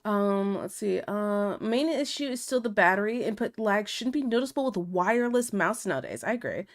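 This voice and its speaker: A young woman chats casually with her stream audience, her voice at an ordinary middle pitch. She talks in a loose, chatty way, reading chat messages aloud and laughing often. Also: expressive, normal speed.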